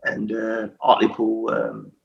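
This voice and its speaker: A man in his forties, a former footballer and podcast guest, telling stories in a casual chat, swearing constantly and laughing through his anecdotes. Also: takes it slowly. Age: 40s. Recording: roomy, muffled recording with faint hiss.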